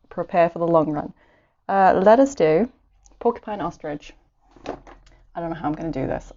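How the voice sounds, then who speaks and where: Drawing at home during a live stream, an Irish woman chats and giggles, talking to herself as she sketches. Her voice sits low, with vocal fry and a dark tone, and the recording is dull lo-fi stream audio.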